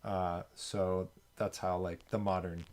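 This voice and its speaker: A man's voice: sits low, level tone, takes it slowly, a little mellow. A man hosting a film podcast, talking casually and rambling with many fillers. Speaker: podcast host.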